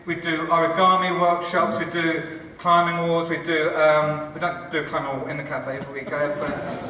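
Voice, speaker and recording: A man, a church leader and cafe founder, giving a lively conference talk with jokes for the audience. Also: fairly high pitch, a little hiss or hum. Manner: enthusiastic, joking, chatty with the audience. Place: large conference hall. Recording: echoey hall from far off.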